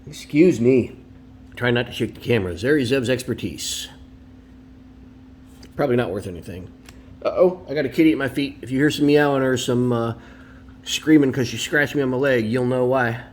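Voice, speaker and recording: A man's voice: mid-range voice, moderate pace, pauses often, a little hiss or hum. A man hosting a casual card-opening video at home, chatty and opinionated, with rambling asides. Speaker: card collector and video host.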